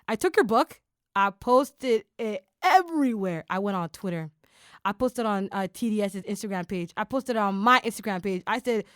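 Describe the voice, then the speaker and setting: Casual podcast talk from a woman host with a mid-range voice, lively and excited, delivered in bursts laced with fillers. The recording is dry and clean, studio-made.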